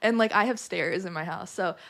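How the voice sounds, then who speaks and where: Woman guest, mid-pitch voice, animated profane storyteller, casual podcast chat. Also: a little fast, creaky. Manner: animated, profane, heavy use of "like".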